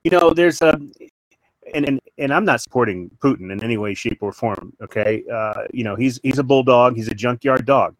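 A man talking politics as an interview guest, halting with many restarts and fillers, then hammering his points home with repetition. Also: mid-range voice, dry recording, poor audio. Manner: emphatic, repeats points. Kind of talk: casual political talk.

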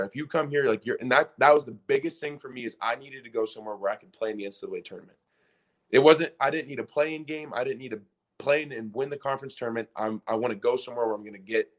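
A young man from Pennsylvania, a former college basketball player, telling a story in a casual podcast interview, excited and rambling, acting out quotes. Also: mid-range voice. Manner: excited, rambling, full of restarts and acted-out quotes.

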